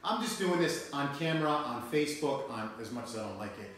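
A man hosts a casual live stream, rambling loosely and cursing as he goes. His voice sits at a middle pitch. It bounces around a very echoey room. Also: expressive, fairly quick, fairly bright tone, slight background noise. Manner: loose, rambling, swears freely. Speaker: show host.

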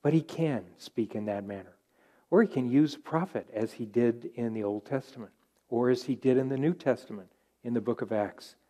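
Earnest pastor with a mellow voice. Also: male voice, mid-range voice. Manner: earnest, repeats key phrases for emphasis. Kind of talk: Bible study teaching.

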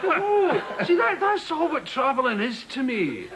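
A Scottish man telling comic stories as a talk show guest, animated and jumping into high voices for quotes. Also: measured pace. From Scotland. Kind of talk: comic storytelling. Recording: noisy broadcast recording.

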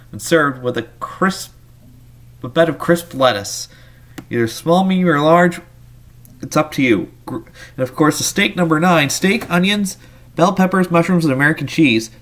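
A man's voice: a little high, a bit bright. Man reading out a menu. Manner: reads menu items aloud in lists, with asides and small slips. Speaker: menu reviewer. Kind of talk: casual menu walkthrough.

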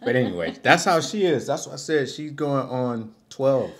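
Man, casual recap chat, joking, laughs a lot, mid-pitched voice. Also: very animated, normal speed. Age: adult with a young son. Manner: laughs often, loose and joking, acts out quotes. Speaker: recap show co-host.

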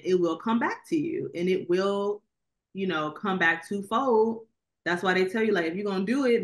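A woman co-hosting a podcast, chatting casually about a film she reviewed, rambling with lots of fillers. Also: fairly low pitch. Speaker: podcast co-host. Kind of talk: casual movie review chat.

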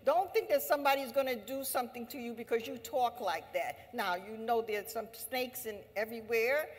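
A woman labor leader giving an impassioned assembly speech, emphatic and repetitive, rising to forceful exhortation. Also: sits high. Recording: long hall reverb.

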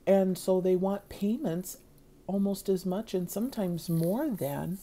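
A woman's voice: medium pitch, unhurried, mellow. A middle-aged woman talking to her viewers in a casual vlog, earnest and rambling, with many fillers. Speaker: vlogger.

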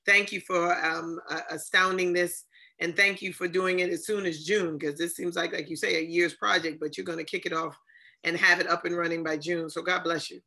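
A woman's voice: lowish voice, steady tone, normal speed, creaky, sharp tone. A woman hosting an online ceremony, effusive and full of thanks, with many fillers. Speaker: ceremony host. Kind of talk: emotional ceremony hosting on a video call.

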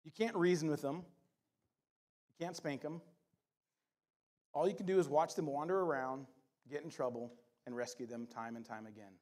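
Middle-aged guy preaching, kinda high voice, jokey and animated, slows way down on the scripture bits. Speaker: pastor. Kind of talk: sermon.

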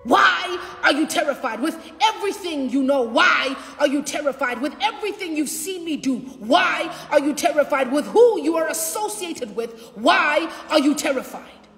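A woman preaching a sermon with passion, repeating lines and shouting out at times. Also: sits high, expressive, normal speed, creaky, hardly any pauses, echoey room, big-room sound, faint music behind. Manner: impassioned preaching with shouts and repetition.

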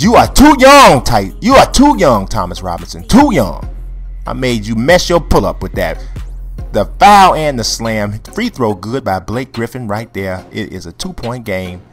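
Animated man calling a video game. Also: lowish voice. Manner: animated, joking, trash-talking the players. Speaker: gameplay commentator. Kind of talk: casual play-by-play commentary over a video game.

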